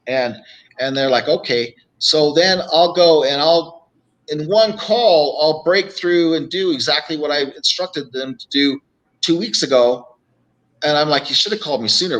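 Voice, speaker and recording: A man's voice: a little high, fairly bright tone, low-quality recording. A middle-aged man, a real estate coach, telling stories on a live show and acting out phone calls as he goes. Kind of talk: live show guest storytelling.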